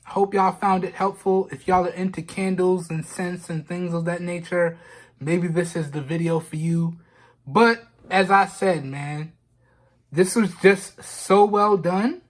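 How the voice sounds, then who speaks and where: A man's voice: sits high, steady tone, measured pace. A man vlogging an unboxing, talking casually while trying not to cry, often repeating himself and saying "man" and "y'all". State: holding back tears. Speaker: vlogger reviewing products.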